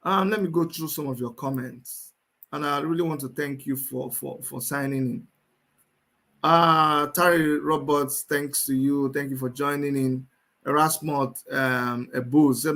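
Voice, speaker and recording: A man's voice: a little high, fairly even intonation, measured pace, a bit bright. A man with a Nigerian accent hosting a livestream, speaking with passion, repeating phrases for emphasis and reading out viewer comments. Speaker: livestream host.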